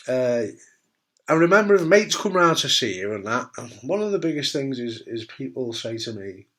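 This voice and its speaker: A man's voice: medium pitch, big pitch swings, moderate pace, a bit bright. A middle-aged man from the UK, a cancer survivor talking candidly to camera, blunt and jokey, swearing casually and often asking "right?". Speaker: testicular cancer survivor giving advice.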